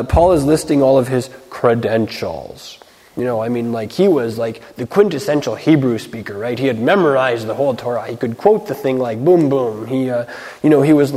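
A man giving a casual, conversational sermon as a Messianic teacher, full of fillers, slowing down to read scripture. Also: mid-range voice, warm tone. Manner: conversational, filler-heavy, reads scripture slowly. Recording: long hall reverb.

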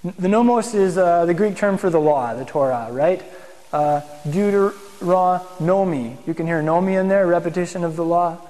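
A man's voice: high-pitched, normal speed, mellow. A man teaching a congregation in a conversational sermon style, often putting questions to the room. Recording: long hall reverb.

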